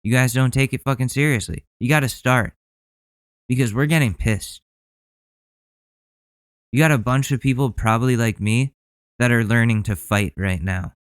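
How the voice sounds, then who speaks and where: A man's voice: mid-range voice, moderate pace, long pauses, clean tone, dry recording. A male podcast host ranting heatedly in profane commentary.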